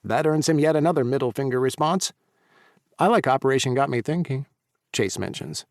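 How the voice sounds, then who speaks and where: Male audiobook narrator, mid pitch, dry studio sound, brighter for dialogue, hushed for asides. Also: expressive, moderate pace, gravelly, no room sound. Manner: lifts pitch and volume for dialogue, drops low for asides. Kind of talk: first-person audiobook narration with character voices.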